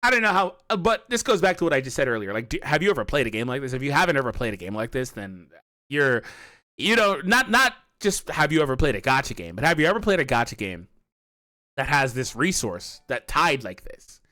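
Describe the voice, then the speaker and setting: A man giving animated opinion commentary on a mobile game, arguing his point with many repeats and asides. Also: medium pitch, a little fast. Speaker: gaming youtuber.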